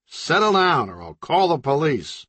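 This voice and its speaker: A cranky motel owner, voiced by a man in a comedy crime audiobook. He yells gruff complaints at his guests, loud and pitched well above the reader's own voice. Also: sing-song, measured pace, no echo, exaggerated voice. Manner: yelling gruffly through a wall.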